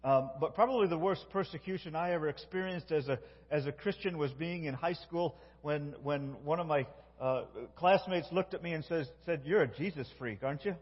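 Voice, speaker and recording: A middle-aged male pastor preaches in a folksy, homespun way, telling jokes and often restarting his sentences. His voice sits a little high and is somewhat husky. The recording is dull and lo-fi, with a long reverb from a large church. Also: normal speed. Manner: folksy, self-interrupting, tells jokes. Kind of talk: sermon.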